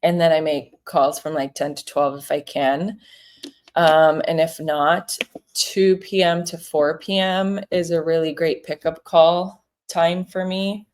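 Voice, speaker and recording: A relaxed woman in her thirties chats on a livestream from her home office, her voice sitting low. She talks easily and acts out short phone calls in little voices as she goes. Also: measured pace. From South Florida. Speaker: real estate broker hosting a livestream. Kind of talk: casual livestream advice chat.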